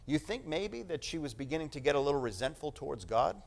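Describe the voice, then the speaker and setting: High-voiced preacher man, really lively swings up and down, punchy repeats. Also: fast talker, creaky. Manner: animated, emphatic, repeating phrases. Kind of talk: sermon.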